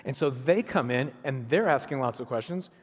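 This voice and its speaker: A middle-aged man giving an animated storytelling sermon as a guest speaker, acting out the voices of the people in his story. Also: mid-range voice, normal speed, slightly rough. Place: church sanctuary. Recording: long hall reverb.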